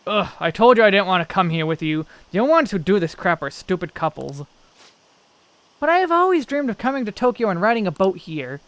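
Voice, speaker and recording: A man's voice: high voice, sing-song, a little fast, a bit bright, dry recording, pitched below the performer's own voice, full character voice. A man reading the lines of an irritated young woman, in a grumbling, exasperated way. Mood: annoyed. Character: irritated young woman on an outing with her brother.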